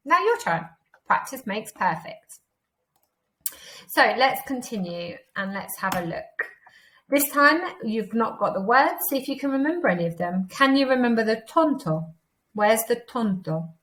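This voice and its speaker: An English woman teaching a beginner Spanish lesson, encouraging and slowing down to model each word twice for pupils to repeat. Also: medium pitch, lively intonation, fairly bright tone. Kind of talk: recorded online language lesson.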